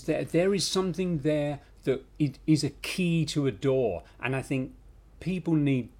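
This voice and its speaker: A middle-aged man from North London with a London accent, co-hosting a podcast in animated, rambling, self-deprecating chat. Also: fairly high pitch, a little slow. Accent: London English. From North London, England. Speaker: podcast co-host. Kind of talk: casual chat.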